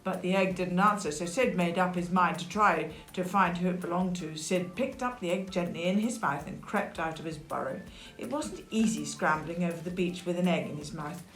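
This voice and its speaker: A woman reading a children's picture book aloud, lively, with chatty asides. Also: on the low side, normal speed, faint music behind. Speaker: storyteller. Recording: echoey room.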